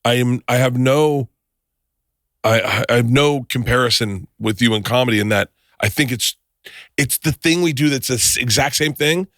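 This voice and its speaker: A man's voice: medium pitch, moderate pace, fairly bright tone, no room sound. A man in his forties co-hosting a podcast in casual chat, rambling with many restarts and swearing, recorded on a close studio mic. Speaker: podcast co-host.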